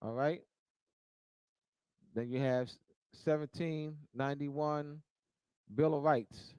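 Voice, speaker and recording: Male speaker, slightly high pitch, slow deliberate delivery, emphatic repetition, dry close sound. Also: steady tone, clear, resonant tone, no room sound, low-quality recording. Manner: repetitive and emphatic, repeating phrases for stress; grows louder and higher toward the end. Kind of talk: teaching talk.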